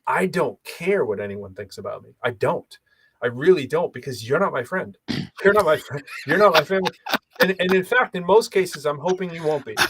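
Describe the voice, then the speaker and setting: A man co-hosting a podcast, talking in an animated, emphatic way and repeating phrases for effect. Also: fairly high pitch, brisk, husky. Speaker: podcast co-host. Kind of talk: casual chat.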